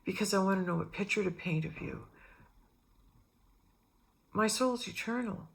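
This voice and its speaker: A middle-aged woman vlogs about spiritual matters in a mid-range voice with vocal fry, speaking at a moderate pace. She tells rambling, meandering personal stories and brings them to life with animated re-enactments, quoting the voices of the people involved.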